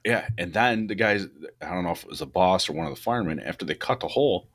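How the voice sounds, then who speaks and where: Deep-voiced rambling firefighter man. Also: quick pace. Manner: loose and rambling, many restarts, rising pitch when animated. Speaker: podcast co-host, fire truck company boss. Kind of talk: casual shop talk about firefighting.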